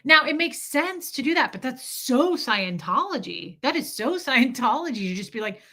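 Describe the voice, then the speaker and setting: Bright slightly high-voiced woman on a livestream, candid and emotional, laughs a lot, swears freely. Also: sing-song, normal speed, few pauses. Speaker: livestream host. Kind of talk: casual livestream chat reading comments.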